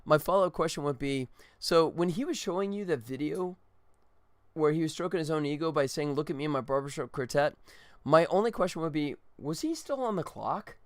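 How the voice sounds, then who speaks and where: A man's voice: on the high side, expressive, fairly quick, no room sound. A tired middle-aged man, a game developer, chatting casually and ramblingly on a livestream. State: exhausted.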